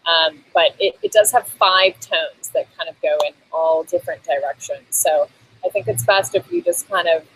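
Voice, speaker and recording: A woman's voice: fairly low pitch, normal speed, a little hiss or hum, rough recording. A woman hosting a casual on-camera lesson on basic phrases, chatty, with frequent ums and laughs between phrases. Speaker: host teaching basic Thai phrases. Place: Bangkok.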